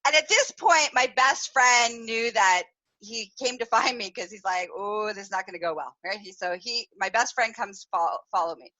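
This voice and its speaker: A woman hosting a podcast, telling a personal story in a candid, animated way, laughing often and swearing freely. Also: on the high side, normal speed, muffled recording. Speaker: podcast host.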